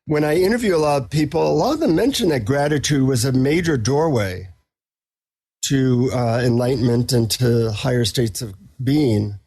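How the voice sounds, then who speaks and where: A middle-aged man, a psychotherapist and author, chatting as a podcast guest and telling anecdotes in a relaxed, self-deprecating way. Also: mid-range voice, normal speed, slightly rough. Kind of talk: casual interview storytelling.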